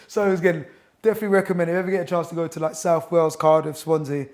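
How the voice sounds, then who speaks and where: A man's voice: high-pitched, fairly even intonation, fast talker, darkish tone. A man in his thirties, a boxing coach and author, telling stories as a chatty, enthusiastic guest in a gym. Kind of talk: casual interview chat.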